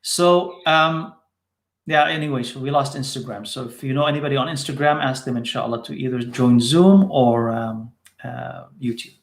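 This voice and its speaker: A man's voice: medium pitch, moderate pace, echoey room. A man teaching in a live question-and-answer session, repeating short phrases for emphasis.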